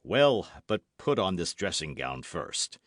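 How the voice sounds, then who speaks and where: A man voicing a calm phlegmatic musketeer. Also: no room sound, studio quality, heavily acted. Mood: composed. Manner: low, measured and composed. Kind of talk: audiobook character voice.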